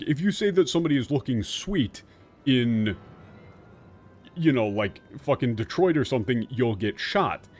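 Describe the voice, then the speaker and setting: A man streaming a game, casually explaining the translation in an animated, profane way. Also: medium pitch.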